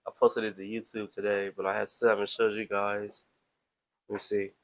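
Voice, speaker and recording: A man's voice: lowish voice, little pitch movement, normal speed, a bit bright, rough recording. A man hosting a live stream, talking casually in a playful, chatty, self-promoting way.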